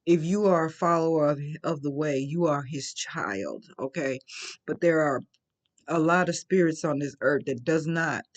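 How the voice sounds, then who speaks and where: Tearful, slow-talking woman preaching faith. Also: lowish voice. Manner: earnest, repeats phrases for emphasis. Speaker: faith vlogger. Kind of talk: emotional faith testimony, preachy.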